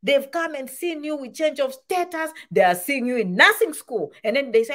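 A woman's voice: high voice, big pitch swings, brisk, few pauses, fairly bright tone. A woman giving casual advice to camera, full of rhetorical questions and repeated points. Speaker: immigration advice vlogger.

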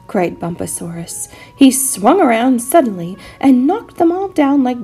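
Teacher, female, expressive picture-book reader; breathy voice, lively pitch, faint music underneath. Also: a little slow. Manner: expressive, animated storytelling. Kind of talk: reading a picture book aloud.

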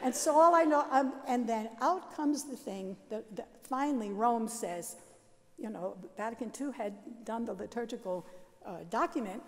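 High-voiced older woman telling stories in a hall. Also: moderate pace. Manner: lively, self-mocking, laughs often. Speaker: Catholic sister and worship leader. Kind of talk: storytelling talk. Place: large seminary chapel.

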